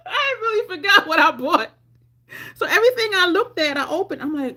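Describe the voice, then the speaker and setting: A middle-aged woman telling stories from her life on a live stream, with a voice pitched a little high. She is animated and laughs a lot, acting out what she said back then. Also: fast talker, a little hiss or hum. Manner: animated, laughs often, acts out her own lines. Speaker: livestream storyteller. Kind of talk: casual storytelling on a live stream.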